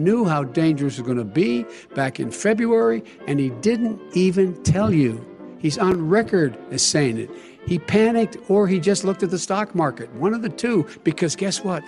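Older guy debating hard, keeps repeating himself, bit high pitched. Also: big pitch swings, moderate pace, soft background music. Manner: forceful, repeats phrases, cuts in. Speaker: debate candidate. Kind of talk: televised debate. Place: large debate hall.

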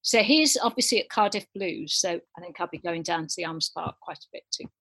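A woman's voice: fairly low pitch, lively intonation, brisk, vocal fry, fairly bright tone, slightly rough. A woman chatting on a call from her bed, teasing and laughing easily. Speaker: guest quiz setter. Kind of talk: casual chat on a call. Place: at home in bed.

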